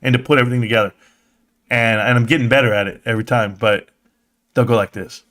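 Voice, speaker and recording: Casual excitable man hosting a live stream. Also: mid-range voice, fast, long pauses. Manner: excitable, swears casually, acts out quoted voices.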